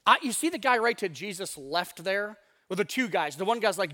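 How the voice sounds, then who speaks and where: A male pastor with a high, bright voice preaches in a casual, chatty style from a church sanctuary. He speaks conversationally and slips into acted-out voices as he talks. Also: expressive, fairly quick. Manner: conversational, acts out voices in asides. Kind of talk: casual sermon.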